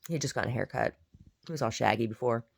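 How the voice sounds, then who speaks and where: Low, gravelly woman chatting loosely. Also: rapid-fire. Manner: rambling, repeats herself, chatty. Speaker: painter vlogging her day. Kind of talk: casual chat.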